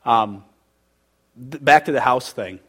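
A man leading a church group in a conversational sermon, tossing questions out to the room and pressing his points with rising emphasis. His pitch sits in an ordinary middle range, and he turns heated at times. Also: takes it slowly, bright, forceful tone. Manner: conversational and emphatic, quizzing the audience; gets heated and emotional. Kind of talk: interactive sermon.

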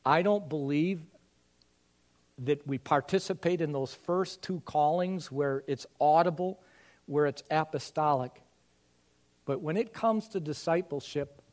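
A pastor delivering a sermon in a notably high-pitched male voice. He talks earnestly and grows emphatic as he presses his points home. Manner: earnest, rising to emphatic preaching.

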